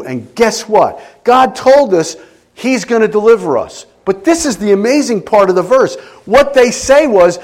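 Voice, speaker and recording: A middle-aged male pastor delivering an emotional sermon, with a slightly raised pitch. His voice swings widely in a lively way, and he sometimes drops to a quiet, intense hush. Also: a little slow. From Italian family background.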